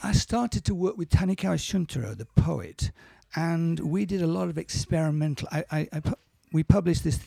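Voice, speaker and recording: A man talking in a casual interview, telling stories in a halting, self-correcting way and acting out the quotes. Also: on the high side, lively intonation, vocal fry, mellow, no room sound. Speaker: interview guest, musician and producer. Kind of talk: casual storytelling in conversation.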